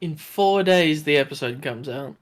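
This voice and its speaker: A man's voice: a little high, moderate pace. An Australian man chatting casually on a game stream, rambling with lots of fillers.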